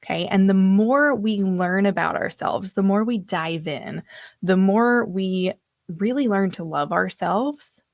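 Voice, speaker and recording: A woman's voice: mid-range voice, unhurried, dry recording, clean studio sound. A woman coach teaching a live online workshop in a loose, chatty way, now and then losing her place in her notes. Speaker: personal development coach.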